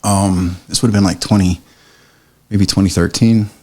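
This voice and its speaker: A man's voice: low voice, normal speed. A man from the area, a print shop owner telling a story as a podcast guest, laughing and acting out what people said. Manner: animated, laughing, acts out quoted lines. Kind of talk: casual storytelling chat.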